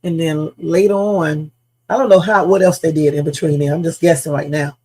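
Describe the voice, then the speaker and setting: A woman's voice: sits low, steady tone, fairly quick, warm tone, husky, poor audio. A woman hosting a live reaction stream, speculating emphatically with casual slang and repeating her points. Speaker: livestream host.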